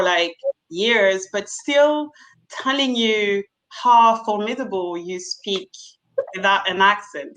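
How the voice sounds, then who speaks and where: A woman bartender speaking frankly on a video-call panel, animated and laughing often, with many fillers. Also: a little high, poor audio. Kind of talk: candid panel discussion.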